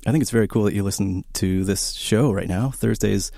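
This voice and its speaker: A man's voice: lowish voice, a little fast, creaky, no echo, clean studio sound. A man hosting a college radio record show, chatting casually and enthusiastically between songs with lots of fillers. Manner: rambling and enthusiastic, many fillers, animated storytelling. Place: small radio studio. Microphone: studio broadcast microphone.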